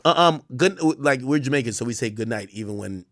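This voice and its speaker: A man hosting a livestream, ranting in profane, animated commentary that swings from loud outbursts to low muttering. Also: brisk, dry recording, clean studio sound. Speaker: livestream host.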